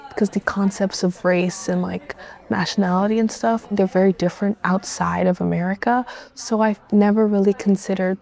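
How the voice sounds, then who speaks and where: Earnest young woman with gravelly warmth. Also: medium pitch. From Nigeria. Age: 20s. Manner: earnest, thoughtful. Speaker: international student. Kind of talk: interview testimony.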